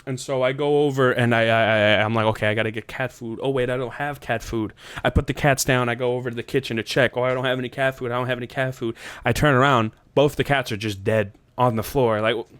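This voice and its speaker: Guy on a podcast rambling through a story, swears a lot, smooth clear voice, super dry close mic. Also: fairly even intonation, fast talker, few pauses, a bit bright, no echo. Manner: rambling, profane, jumps into high voices quoting people. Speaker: podcast host. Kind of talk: casual storytelling chat.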